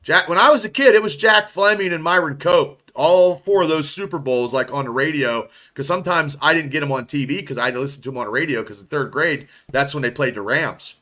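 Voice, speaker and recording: A man's voice: a little high, fairly quick, hardly any pauses, pushed and bright. A man in his fifties from the Pittsburgh area, talking bluntly on a casual sports podcast. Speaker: podcast co-host.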